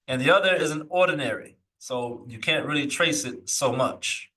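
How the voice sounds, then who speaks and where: Slow, bright-voiced man teaching live. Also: a little high, lively intonation, recorded from a distance, rough recording. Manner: reads passages slowly, then explains in loose asides. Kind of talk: live recorded scripture lesson.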